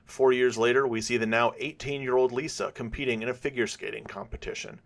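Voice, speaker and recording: A man narrating a fan-made episode in a measured storytelling way. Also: medium pitch, steady tone, fairly bright tone.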